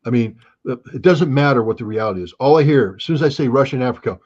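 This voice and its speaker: A man in his sixties giving an interview, with an animated, sarcastic delivery and frequent restarts. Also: mid-range voice, quick pace, hardly any pauses. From United States. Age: 60s. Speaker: interview guest. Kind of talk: opinionated interview talk. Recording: dull lo-fi recording.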